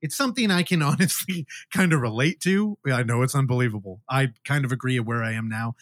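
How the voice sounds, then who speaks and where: A man's voice: medium pitch, a little fast, no room sound, studio quality. A man hosting a podcast, animatedly retelling a movie in casual chat and swearing freely. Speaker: podcast host. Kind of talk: casual film review chat.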